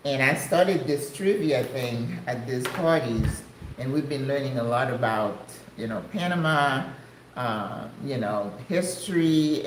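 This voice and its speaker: A chatty older woman from the United States talks casually to her viewers, full of exclamations and laughter. Her pitch jumps all over the place. She is recorded in a noticeably echoey room. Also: a little hiss or hum. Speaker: vlogger. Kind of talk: casual chat.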